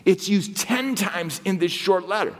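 A man preaching a sermon as guest preacher, swinging between excited exclamations and hushed asides. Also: sits high, unhurried. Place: church sanctuary. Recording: long hall reverb.

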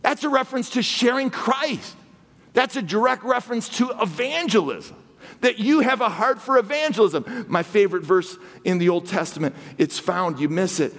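A man preaching a sermon as guest preacher, swinging between excited exclamations and hushed asides. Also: high voice, moderate pace, vocal fry. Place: church sanctuary. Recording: long hall reverb.

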